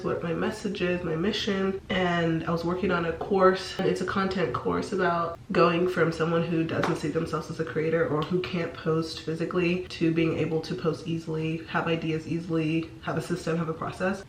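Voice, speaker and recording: A woman's voice: fairly low pitch, level tone, normal speed, few pauses, slight background noise. A young woman with a sick, sore-throat voice, chatting casually in a home vlog, filling her talk with "like". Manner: chatty, filler-heavy, lots of "like". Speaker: vlogger. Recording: roomy sound from a distance.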